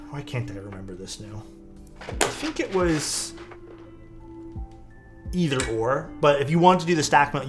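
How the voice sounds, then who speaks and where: With faint music in the background, a young streamer works on a keyboard and chats casually, replying to viewers. His mid-range voice has a fairly bright tone, and his speech is loose and heavy on fillers.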